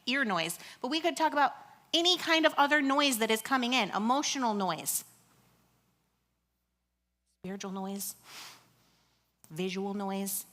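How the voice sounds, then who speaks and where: Woman pastor in her thirties, conversational preacher, lively, sometimes hushed, slightly high pitch. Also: measured pace, pauses often. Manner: conversational, animated, drops to a hush. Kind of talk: sermon.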